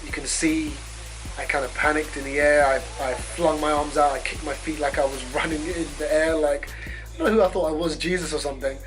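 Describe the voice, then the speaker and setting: A man vlogger telling a story to camera in a casual, animated, profane and self-mocking way. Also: fairly high pitch, a little fast, over music. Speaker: travel vlogger.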